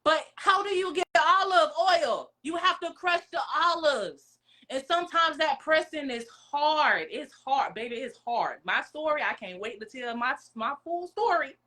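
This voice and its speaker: A woman's voice: high-pitched, animated, moderate pace, pushed and bright. A woman sharing a personal faith testimony on a podcast, speaking earnestly and calling listeners "baby".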